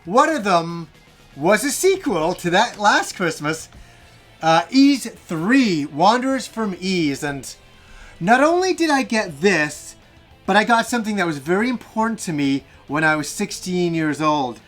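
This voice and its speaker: A man in his forties with a high, bright-sounding voice, hosting a retro gaming show. He tells a nostalgic personal story in an eager, rambling way, often restarting his sentences. Faint music plays behind him. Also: very animated, unhurried. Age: 40s. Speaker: gaming channel host.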